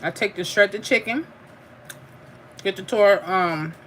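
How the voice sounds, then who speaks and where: A woman's voice: mid-range voice, takes it slowly, fairly bright tone, slight background noise. Chatty woman eating on stream. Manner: chatty and laughing, reads viewer comments aloud, drawls "honey" and "y'all". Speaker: livestream host. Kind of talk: casual livestream chat while eating.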